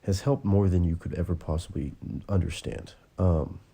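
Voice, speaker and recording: Male streamer, gravelly and husky, rambling and profane, some asides whispered. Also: low voice, moderate pace, warm tone. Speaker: livestream host. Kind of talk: casual livestream chat. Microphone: tablet or phone mic.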